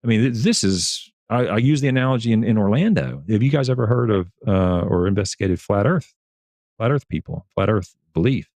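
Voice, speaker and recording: Male turf scientist guest, low voice, earnest, animated storyteller, dry sound. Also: brisk, dry recording. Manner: earnest, repeats words and restarts phrases. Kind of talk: casual livestream discussion.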